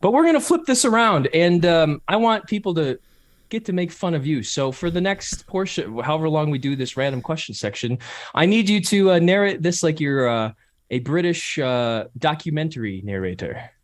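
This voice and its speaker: A man guesting on a casual interview chat, relaxed and rambling with an amused tone. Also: a little high, moderate pace. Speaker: streamer guest.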